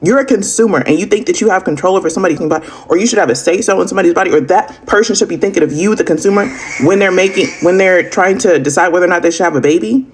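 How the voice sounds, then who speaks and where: A man's voice: high-pitched, very fast, a little hiss or hum. A man giving video commentary, emphatic and firing off rhetorical questions.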